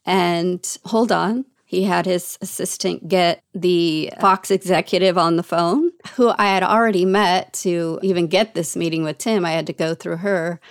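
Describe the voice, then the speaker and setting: A woman guest in an interview, telling her story in a lively way and acting out what others said. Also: lowish voice, normal speed, hardly any pauses, no echo, studio quality. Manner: lively, acts out quoted dialogue. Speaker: guest television writer.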